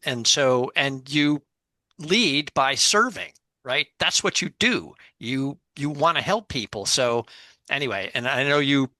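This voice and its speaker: A man's voice: mid-range voice, lively intonation, unhurried, sharp tone, dry recording. A man hosting a podcast, reading a short plug and affirming his guest in an upbeat way. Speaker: podcast host.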